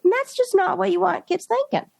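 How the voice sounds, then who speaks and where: A woman co-hosting a podcast in casual chat, talking quickly through stories with many restarts and asides. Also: very high voice, vocal fry, darkish tone, dry recording. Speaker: podcast co-host.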